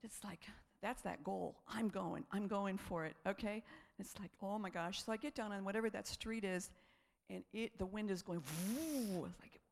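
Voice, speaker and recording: A woman preaching a sermon, telling a personal story in an animated way, laughing often and acting out her own thoughts. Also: medium pitch, moderate pace, vocal fry.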